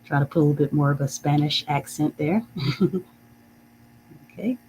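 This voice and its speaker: A teacher leading a live-streamed reading lesson, saying phrases slowly and carefully, checking in with "okay?" and chuckling often. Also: mid-range voice, a little mellow, a little hiss or hum, rough recording. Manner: reads out viewer comments.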